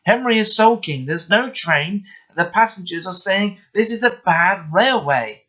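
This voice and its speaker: A man's voice: sits high, expressive, a little slow, pushed and bright, lo-fi sound, voice pushed up, exaggerated voice. A man voicing an anxious station master for a storybook, stammering and urgent.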